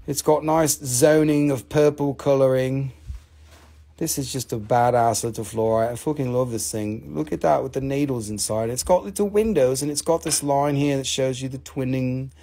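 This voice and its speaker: A man hosting a live mineral sale, who gushes over each specimen in excitable, profane talk. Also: medium pitch, normal speed, gravelly. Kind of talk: live-stream sales talk.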